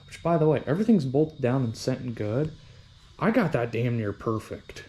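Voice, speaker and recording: Rambling, profane man with a mellow voice. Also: mid-range voice, sing-song, moderate pace. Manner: rambling, profane, self-deprecating. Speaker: hobby vehicle restorer. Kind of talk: casual workshop vlog.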